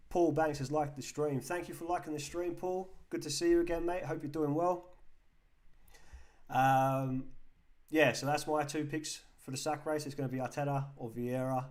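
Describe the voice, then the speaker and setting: English male stream host, relaxed and chatty, reads out and answers chat comments. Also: on the high side. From England. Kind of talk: casual live-stream chat reading comments.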